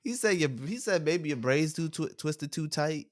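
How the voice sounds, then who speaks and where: A young adult man co-hosting a podcast, chatting excitedly and laughing as he talks. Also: a little high, moderate pace. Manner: excited, quotes lines, laughs often. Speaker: podcast co-host. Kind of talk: casual chat.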